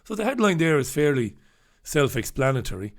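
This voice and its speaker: A man's voice: on the high side, very animated, fairly quick. Male host, casual sardonic commentary on the day's papers, salty language, reads comments on air. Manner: sardonic, swears freely; reads out viewer comments and headlines. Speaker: host reviewing newspapers.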